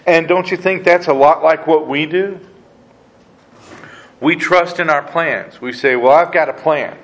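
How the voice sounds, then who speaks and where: A man leads a Bible study in an easy, conversational way, with a voice pitched a little high. He keeps asking rhetorical questions and briefly acts out the voices he quotes. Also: poor audio. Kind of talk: casual Bible teaching.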